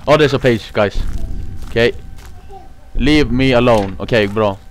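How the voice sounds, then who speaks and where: A gaming YouTuber plays a horror game for his channel on a cheap mic with a face cam, and there is a little hiss or hum. His mid-range voice is a little slow, his English is simple and non-native, and he panics, swearing and screaming whenever he gets scared.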